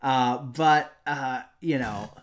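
A man co-hosting a casual sports podcast, jokey and excitable, laughing often as he talks. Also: medium pitch, slow, a little hiss or hum. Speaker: podcast co-host.

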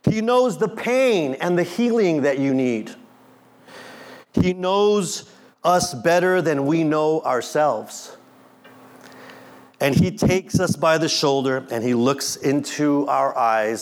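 Middle-aged male pastor, lively sermon delivery, fairly high voice, playful asides. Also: takes it slowly. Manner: animated, acts out quotes, jokes with congregation.

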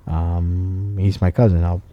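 A man's voice: low-pitched, slow, muffled recording. A man who builds cars and runs a shop, talking casually and telling stories full of swearing. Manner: animated storyteller, swears a lot. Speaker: car builder and shop owner. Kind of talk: casual podcast chat.

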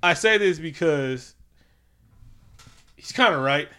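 A man co-hosting a casual movie review chat, animated and profane, often slipping into quick impressions. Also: a little high. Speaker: podcast co-host.

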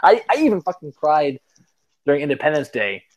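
A man's voice: a little high, very animated, a little fast. A man hosting a podcast in casual chat, telling rambling, self-mocking stories and swearing casually. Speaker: podcast host.

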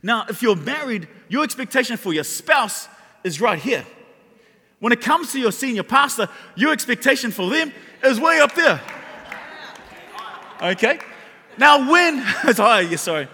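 A man's voice: very high voice, normal speed, long pauses, breathy edge. A man preaching a sermon, telling a funny personal story and talking straight to the congregation. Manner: animated and humorous, addresses the audience directly. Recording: reverberant hall.

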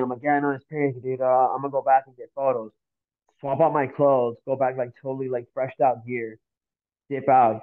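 Animated swearing man telling a story. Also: medium pitch, narrow, tinny audio. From Miami, Florida. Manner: animated, swears a lot, acts out voices in stories. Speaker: guest. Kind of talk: casual storytelling.

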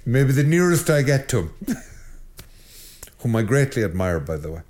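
A middle-aged man, a priest hosting his own show, giving an informal spiritual talk in an animated, joking way with frequent restarts and stammers. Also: medium pitch, normal speed.

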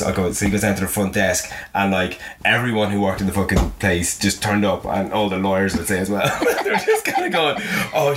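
A man's voice: lowish voice, a bit bright, a little hiss or hum. A young Irish man casually telling a travel story as a podcast guest, swearing freely and laughing as he goes. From Ireland.

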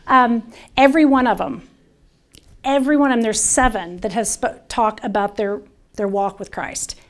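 A woman with a Southern US accent leads a caregiving workshop in a slightly high voice. She speaks earnestly and conversationally, often stopping to restart a phrase. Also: normal speed. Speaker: dementia care educator. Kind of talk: presentation to an audience.

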